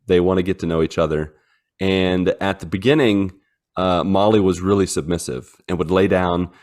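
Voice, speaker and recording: Deep-voiced man rambling through a story. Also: fairly even intonation, moderate pace, a little mellow. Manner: rambling storyteller, many fillers, acts out his dogs in silly voices. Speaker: podcast co-host. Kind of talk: casual chat.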